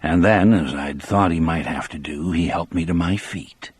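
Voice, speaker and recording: A man narrating an audiobook in the first person with a measured, steady delivery. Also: sits low, husky, no echo.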